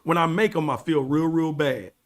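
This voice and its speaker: A man with a somewhat high voice speaks as a guest on a casual interview podcast. He talks earnestly, like he's giving a sermon, and he drives his points home by repeating lines over and over. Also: normal speed. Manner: earnest, preachy, repeats for emphasis.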